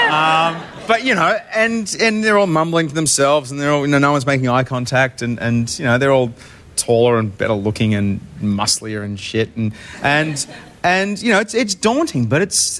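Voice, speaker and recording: A man's voice: mid-range voice, a bit bright. An Australian man, a guest actor, chatting casually and rambling, with casual swearing. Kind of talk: casual interview chat.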